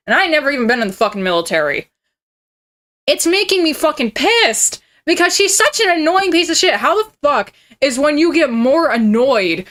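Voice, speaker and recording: Streamer, woman, 20s: bright, forceful voice, heated and foul-mouthed. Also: on the high side, animated, a little fast. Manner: profane and heated, mocking. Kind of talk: ranting reaction commentary.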